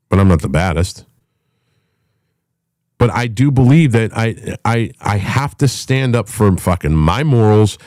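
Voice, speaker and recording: Deep-voiced guy ranting, swears a lot, super blunt, dry close sound. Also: darkish tone, no echo. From United States. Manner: blunt, profane, combative. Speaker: podcast host. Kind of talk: unscripted rant.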